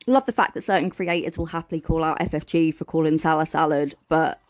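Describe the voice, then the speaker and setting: A woman's voice: deep voice, steady tone, quick pace, no echo. A British woman giving blunt, sarcastic reaction commentary as host.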